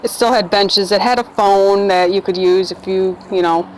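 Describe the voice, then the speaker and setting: A woman's voice: mid-range voice, fairly even intonation, normal speed, darkish tone, a little hiss or hum, rough recording. A woman, telling her own story in a casual, rambling vlog monologue and acting out the voices of people she quotes.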